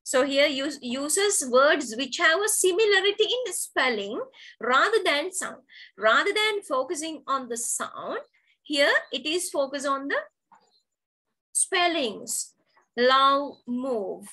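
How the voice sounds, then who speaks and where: A woman's voice: high voice, animated, takes it slowly, bright, forceful tone, poor audio. A woman teacher giving an online poetry lesson, explaining terms step by step and repeating key words. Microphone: video call.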